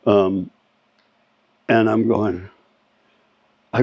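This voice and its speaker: A man's voice: lowish voice, flat delivery, slow pace, long pauses, darkish tone, no room sound. A man in his seventies from California, telling old stories in a rambling, anecdotal way. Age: 70s. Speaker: surfer and board shaper. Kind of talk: reminiscing interview storytelling. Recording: dull lo-fi audio with faint music.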